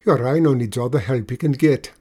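A man's voice: mid-range voice, fairly quick, a little mellow, breathy edge, natural voice. A man reading a storybook aloud and voicing a friendly, easygoing bush pilot.

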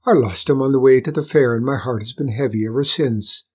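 A man voicing a warm, hearty weaver, talking briskly. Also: medium pitch, breathy edge, close to an everyday voice. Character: warm red-haired Irish weaver, grown man.

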